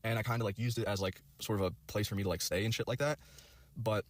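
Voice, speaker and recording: Rapid-fire rambling young man. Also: lowish voice, steady tone, no room sound. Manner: rambling, heavy on fillers and profanity. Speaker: storyteller in a video clip. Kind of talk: casual rambling storytelling.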